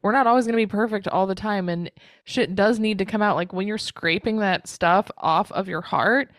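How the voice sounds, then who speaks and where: A woman's voice: medium pitch, normal speed, dry recording. A woman in a mid-range voice, recorded close with no room sound. She talks in a frank, easygoing way and reassures her co-host, dropping a casual swear now and then. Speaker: astrology podcast co-host. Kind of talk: casual conversational chat.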